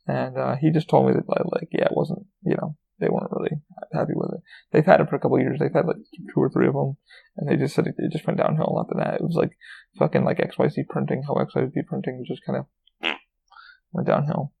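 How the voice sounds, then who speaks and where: A man's voice: mid-range voice, little pitch movement, fast, gravelly, husky. A man hosting a casual solo podcast, rambling and swearing freely with many fillers and restarts, recorded with a dull lo-fi sound. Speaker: podcast host.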